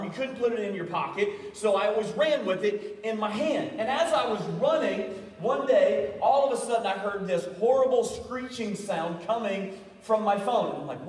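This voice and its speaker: A man's voice: high voice, a little hiss or hum. A man preaching a sermon, telling stories with self-deprecating humor and often stumbling over his words. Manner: frequent stammered restarts. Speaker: pastor. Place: church hall. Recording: echoey hall, voice from far off.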